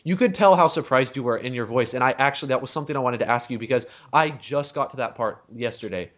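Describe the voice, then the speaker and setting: A man's voice: medium pitch, fairly bright tone. A male podcast host asking eager questions in a casual interview. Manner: eager, quick agreeing interjections.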